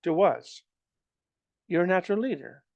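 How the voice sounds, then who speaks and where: A man voicing a proud, sharp-tongued young princess who answers coldly and angers fast, in a storybook reading. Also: on the low side, expressive, gravelly, voice pushed up. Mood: flustered. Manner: cold, clipped, quickly angered.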